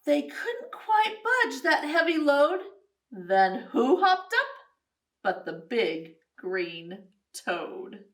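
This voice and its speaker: Woman, children's storyteller, sing-song read-aloud, high bright voice, roomy, distant mic. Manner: animated, sing-song, with animal sounds. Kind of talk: picture book read-aloud.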